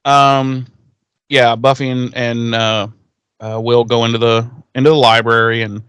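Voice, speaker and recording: A man's voice: medium pitch, level tone, measured pace, a bit bright, clean tone, no room sound. Man, podcast co-host, loose rambling recap with lots of fillers and some swearing; dry, close mic. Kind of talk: casual episode recap.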